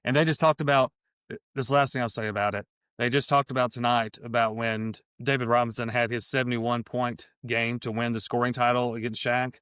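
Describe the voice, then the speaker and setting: Man, middle-aged, smooth, dry sound, enthusiastic rambling podcast chat. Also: medium pitch, a bit bright, no room sound. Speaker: podcast co-host. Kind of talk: casual sports podcast chat.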